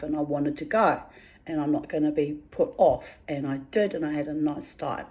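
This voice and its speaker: A woman's voice: low-pitched, steady tone, normal speed, warm tone. A woman in a casual, rambling monologue, chatty and quirky, swearing freely and calling her listeners babies and darlings. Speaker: vlogger.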